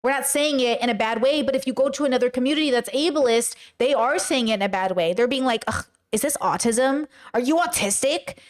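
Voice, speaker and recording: High-voiced animated woman podcaster. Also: quick pace, hardly any pauses. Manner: animated, often puts on mocking voices. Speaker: podcast host reacting to a video. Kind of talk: casual commentary with live chat.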